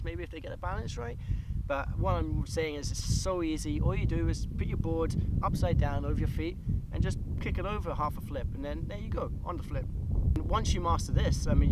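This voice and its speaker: A young man vlogging casually about skateboard tricks, chatty and loose with lots of fillers. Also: a little high. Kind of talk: casual tutorial talk. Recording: outdoor recording with loud background noise.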